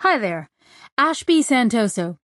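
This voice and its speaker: Woman voicing a calm, steady male ship captain. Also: fairly high pitch, unhurried, no echo, studio quality.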